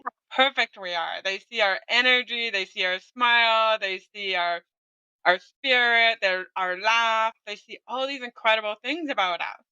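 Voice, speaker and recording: A woman's voice: fairly high pitch, moderate pace, pushed and bright, clear, resonant tone, no room sound, muffled recording. A middle-aged woman guest candidly telling her own story in conversation, often ending on a tag question. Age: 40s or older.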